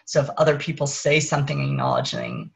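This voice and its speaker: A woman speaking as a parenting coach on a live stream, earnest and encouraging, slowing to soothing affirmations. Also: very deep voice, huge pitch swings, gravelly. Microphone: webcam or phone for a live stream.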